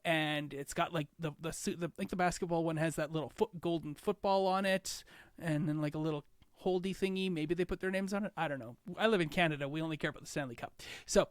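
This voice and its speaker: A man's voice: on the high side, quick pace, dry recording. A man running a tabletop game as game master, narrating scenes in a chatty, rambling way.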